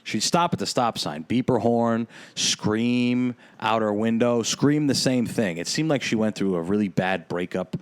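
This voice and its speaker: A man's voice: lowish voice, a little slow, hardly any pauses. A young man hosting a podcast, telling a rambling, profane story in casual chat with lots of fillers. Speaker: podcast host.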